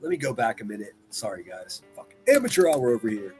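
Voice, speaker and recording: Animated, profane man mocking a clip on a livestream. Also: fairly low pitch, a little fast, faint music behind. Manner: profane, mocking, swings between loud outbursts and muttering. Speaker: livestream commentator. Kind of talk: reacting to clips on a livestream.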